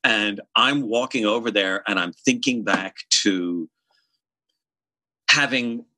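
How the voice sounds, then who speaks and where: A man in his fifties, a session bassist guest telling animated, profane stories in a casual interview. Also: slow pace, no echo, rough recording. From Ireland. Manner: animated, profane, hums bass lines.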